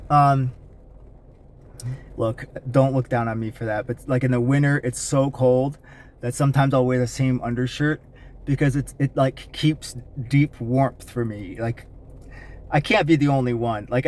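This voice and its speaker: A man speaks candidly to camera in a casual personal vlog, rambling with lots of fillers and restarts. His voice is medium-pitched and a little mellow, with faint rain in the background.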